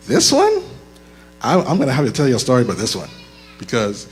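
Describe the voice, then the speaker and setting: A man teaching a leadership workshop into a handheld microphone, chatty and joking, slowing down to make his points. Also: mid-range voice. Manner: conversational and joking, slows down deliberately. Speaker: leadership course instructor. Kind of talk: live workshop talk. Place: church room with audible echo. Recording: reverberant hall with mains hum.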